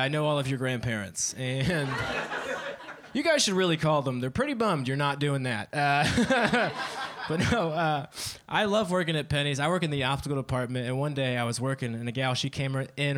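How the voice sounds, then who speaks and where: A man's voice: mid-range voice, fairly quick, a bit bright. A man in his twenties doing a stand-up set on a club stage, often laughing at his own jokes. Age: 20s. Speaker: stand-up comedian.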